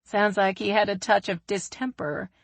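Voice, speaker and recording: A woman's voice: medium pitch, steady tone, moderate pace, gravelly, no room sound, pitched above the performer's own voice. A woman reading the lines of a playful, cheerful young professional woman in a romance story. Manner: cheerful, playful, soft at times.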